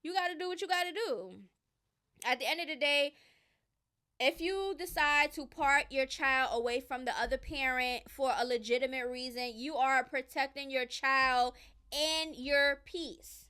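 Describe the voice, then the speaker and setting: A woman hosting casual gossip commentary, reading posts aloud and giving emphatic, opinionated takes that swing between loud and muttered. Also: sits high, unhurried.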